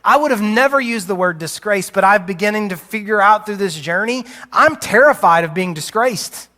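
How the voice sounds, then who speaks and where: A man's voice: high-pitched, expressive, normal speed, sharp tone. A man preaching a sermon as pastor, earnest and confessional, often restarting his sentences. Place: church sanctuary. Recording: long hall reverb.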